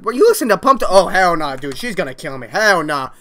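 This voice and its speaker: Brash young man with a lively voice. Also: sits high, quick pace, faint music behind. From Zimbabwe. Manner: loud, brash, teasing, swears a lot, jumps to shouts. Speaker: video chat prankster host. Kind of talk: crude joking chat with strangers.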